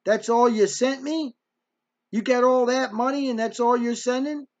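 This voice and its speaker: A man's voice: sits high, expressive, moderate pace, creaky. A man putting on the voice of his pushy, greedy mother, scolding and indignant. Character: pushy, greedy middle-aged mother scolding her son. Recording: dull lo-fi recording.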